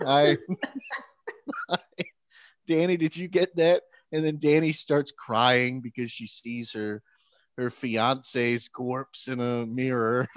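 A man co-hosting a podcast in casual chat, animated, laughing often, repeating words and acting out quotes. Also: medium pitch, no echo. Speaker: podcast co-host.

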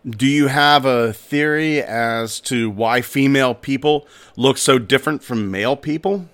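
A man voicing an odd, emotionless man in black who asks strange questions in a flat way. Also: mid-range voice, a little slow, lightly acted. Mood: deadpan.

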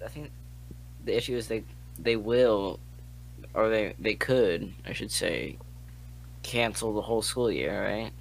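A man's voice: lowish voice, a little slow, gravelly, long pauses, rough recording. A teenage boy in casual chat, restarting his sentences as he works out what he means. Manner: hesitant restarts.

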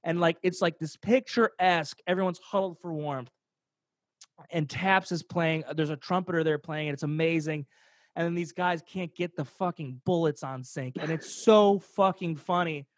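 A man's voice: on the high side, moderate pace, dry recording, studio quality. Profane, rambling young guy telling stories. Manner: profane, rambling, laughs through the story. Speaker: podcast storyteller. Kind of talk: casual storytelling chat.

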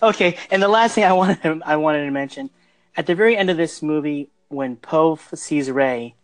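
An enthusiastic man hosts a laid-back podcast about movies, rambling a bit while he guides the talk. His voice is fairly high and his pace moderate.

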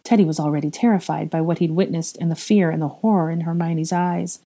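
Low, mellow woman reading a story aloud. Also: fairly even intonation, brisk. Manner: emotional, raises voice sharply for dialogue. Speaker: fan fiction reader. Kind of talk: storybook narration with character voices.

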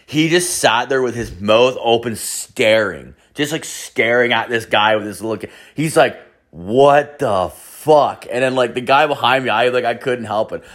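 A man's voice: medium pitch, fairly bright tone. A man in his thirties telling a rambling story, swearing constantly and filling it with "like". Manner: rambling, profane, filler-heavy storytelling. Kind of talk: casual anecdote.

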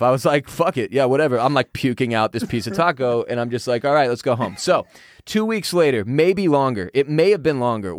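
A man in his thirties, a podcast co-host, telling a story in casual chat, animated and profane, laughing as he goes. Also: medium pitch, dry recording, clean studio sound.

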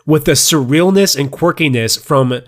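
A man's voice: a little high, moderate pace. A man co-hosting a podcast, chatting casually and laughing often as he talks about movies. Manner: laughs often, loose and joking. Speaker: podcast co-host.

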